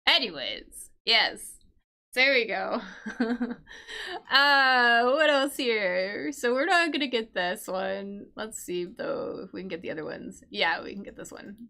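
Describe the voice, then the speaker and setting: A woman's voice: mid-range voice, lively intonation, a little slow, creaky, pushed and bright. A woman teaching English vocabulary on a live stream, explaining words patiently, checking in with "right?" and answering her chat.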